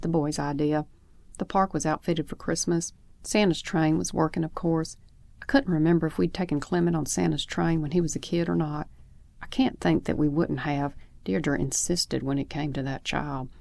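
Woman reading a story aloud, low voice, steady plainspoken telling, dry close sound. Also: vocal fry, no echo. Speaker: author reading her own story.

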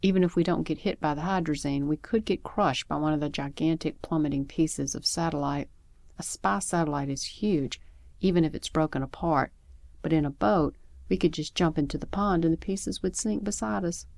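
A woman with a notably low voice narrates a first-person story at a calm, measured pace. Her reading is steady, and the close recording is dry, with no room sound around her. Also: vocal fry, no room sound. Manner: calm, measured storytelling with lively acted dialogue. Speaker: audiobook narrator.

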